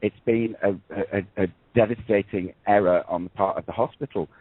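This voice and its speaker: Husky low-voiced male co-host on the phone. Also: fairly even intonation, a little fast, no echo. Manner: emphatic, stammering restarts. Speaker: radio co-host. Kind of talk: casual talk-radio chat. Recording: tinny phone-line sound, dry.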